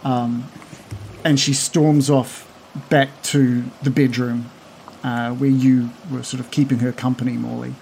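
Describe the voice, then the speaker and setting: Halting male game master on a call. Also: medium pitch, flat delivery, vocal fry, darkish tone, a little hiss or hum. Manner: slow, halting, many ums. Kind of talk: narrating a tabletop game. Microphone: video call.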